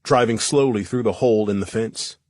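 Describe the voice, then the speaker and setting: A man's voice: on the low side, a little fast, a little mellow, no echo, clean studio sound. Man narrating a thriller audiobook. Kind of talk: first-person thriller narration.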